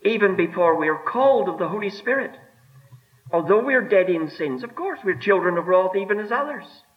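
A man preaching a sermon with emphatic delivery, rising and dropping, slowing right down to stress his words. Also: sits high, expressive. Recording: dull lo-fi sermon recording.

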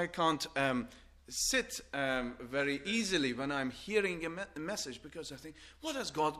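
Earnest, bright-voiced older male preacher. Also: on the high side. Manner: earnest, building to forceful exhortation with repeated questions; halting restarts and stammers. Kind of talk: sermon.

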